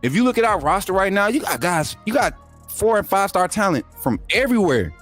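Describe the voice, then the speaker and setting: A young man, hosting a sports livestream, reading super chats and teasing viewers in energetic, laughing banter. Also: high voice, brisk, faint music behind. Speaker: YouTube sports show host.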